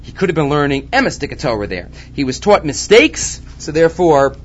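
A man teaching a Talmud lesson, animated and repeating his key points. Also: fairly high pitch, moderate pace, slightly rough. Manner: animated, repeats key points, mixes Hebrew and Aramaic terms. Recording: dull lo-fi recording with faint background noise.

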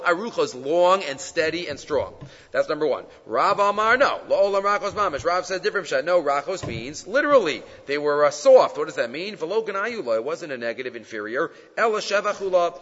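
A man teaching a text study lesson in an animated way, often posing rhetorical questions. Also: fairly high pitch. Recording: dull lo-fi sound with long reverb.

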